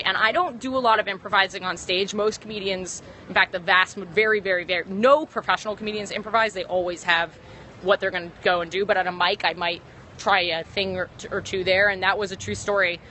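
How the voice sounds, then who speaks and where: A woman's voice: medium pitch, steady tone, a little fast, pushed and bright. A young woman stand-up comedian chatting casually on a livestream from a city street, rambling and correcting herself as she talks into a phone. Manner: rambling, full of ums and self-corrections. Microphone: phone held to stream. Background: faint street traffic.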